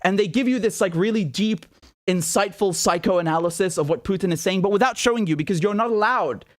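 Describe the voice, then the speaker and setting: A man's voice: high voice, brisk. A man hosting a political commentary show, talking casually in a sarcastic, indignant rant with swearing.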